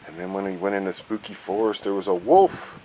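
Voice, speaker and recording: Dad narrator, low voice, animated storytelling that dips into hushed asides, recorded outdoors. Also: male voice, fairly quick, slight background noise. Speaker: father.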